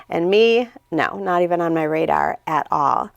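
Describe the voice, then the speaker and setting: A woman, guest and founder-CEO of a nonprofit, talks earnestly and emotionally in a casual interview, voicing what others said with lively impressions. She has a lowish, creaky voice, a moderate pace and few pauses. The studio-quality audio has no room sound.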